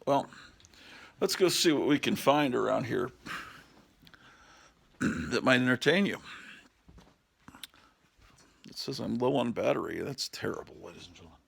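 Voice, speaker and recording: A hoarse man, rambling in mock-showman vlog chat and repeating "ladies and gentlemen" as he films at home. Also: medium pitch, expressive, normal speed, pauses often. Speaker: vlog host. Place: home, indoors.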